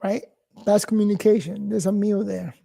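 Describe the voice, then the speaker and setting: Man in his forties, gravelly, dark tone, blunt, swears a lot, rambling casual monologue. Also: high-pitched, steady tone, normal speed. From New York, US. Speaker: host.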